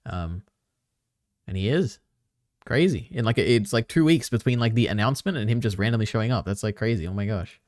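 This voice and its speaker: A man's voice: on the low side, expressive, a little fast, a little mellow, no echo, clean studio sound. A man chatting casually on a live stream, reacting to clips and rambling with lots of filler words. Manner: rambling, many fillers, chatty asides to chat.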